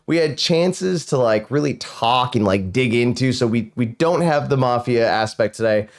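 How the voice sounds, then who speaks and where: A man hosting a podcast in casual chat, telling stories in an animated way. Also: medium pitch, normal speed. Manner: animated storyteller. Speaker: podcast host.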